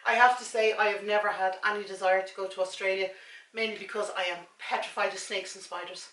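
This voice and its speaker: A woman's voice: mid-range voice, steady tone, fast talker, a bit bright. An Irish woman hosting her own vlog, chatting casually and a little scatterbrained while reading snack labels aloud. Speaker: vlogger and mother. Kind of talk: casual snack-tasting chat. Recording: echoey room, camera set far off.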